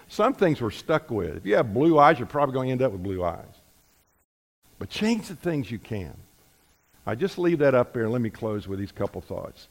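A man preaching a sermon, telling stories with emphatic, slow, deliberate stresses. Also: medium pitch, sing-song. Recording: reverberant hall.

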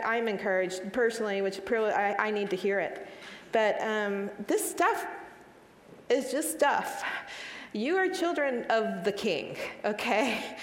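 A woman's voice: on the high side, slight background noise. A woman in her forties answering audience questions at a live talk, earnest and emphatic, often repeating and restarting her phrases. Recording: echoey hall with long reverb.

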